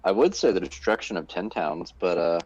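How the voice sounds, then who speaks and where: A man narrating as game master for a tabletop game, halting and full of fillers and restarts. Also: deep voice, animated, a little mellow, lo-fi sound.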